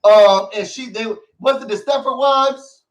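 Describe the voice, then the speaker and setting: Sassy high-voiced man hosting a recap. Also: unhurried, distant mic, rough recording. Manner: sassy, theatrical, calls out to viewers. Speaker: show recap host. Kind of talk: casual recap vlog.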